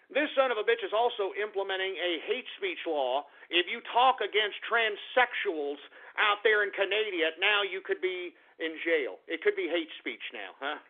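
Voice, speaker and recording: High-voiced ranting male radio host. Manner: ranting, profane, sarcastic, repeats himself. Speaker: radio talk show host. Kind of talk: angry talk radio monologue. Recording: tinny phone-like radio audio.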